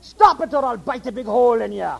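A man's voice: extremely high pitch, lively intonation, fast, gravelly, dull audio, pitched above the performer's own voice, exaggerated voice. A man voicing a stern old male heavenly elder who scolds in a Scottish accent. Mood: scolding. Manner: barking, scolding.

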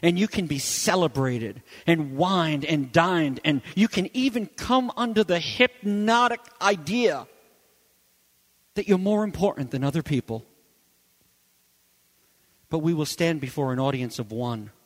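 A man preaching a sermon with emphatic storytelling, rising and then dropping to quiet. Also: on the high side, unhurried. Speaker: pastor. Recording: long hall reverb.

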